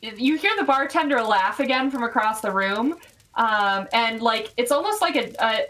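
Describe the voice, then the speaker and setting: A woman narrating a tabletop game as game master, unhurried and full of fillers. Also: on the high side, expressive, fairly bright tone, far from the mic, low-quality recording. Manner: unhurried, hesitant with many fillers.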